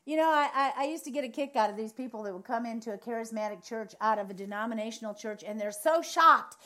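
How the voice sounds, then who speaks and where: High-voiced animated woman preacher. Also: fast. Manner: animated storytelling, acts out other people's reactions; emphatic, repeats phrases for effect. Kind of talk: charismatic sermon.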